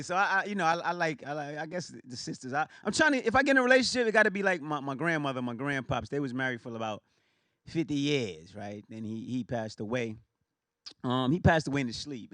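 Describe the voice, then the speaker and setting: A male comedian working the room in an animated, punchy style. His voice is bright and fairly high, and it swings widely as he sells each joke. The sound is dry and close. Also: fast talker, no echo. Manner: animated, punchy, loose and conversational. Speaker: stand-up comedian. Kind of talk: stand-up comedy set.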